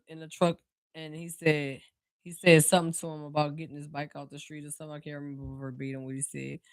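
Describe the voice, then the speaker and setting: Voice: mid-range voice, no echo. Reassuring tarot reader with a New Orleans accent. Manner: reassuring, speaks straight to the viewer; relaxed, drawn-out phrasing with many fillers. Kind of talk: casual spiritual card reading.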